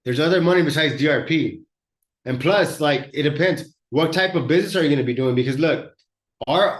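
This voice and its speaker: A man's voice: a little high, echoey room. A man hosting a live business workshop, talking bluntly and conversationally as he coaches other shop owners, often repeating words as he goes. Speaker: host and auto body shop owner.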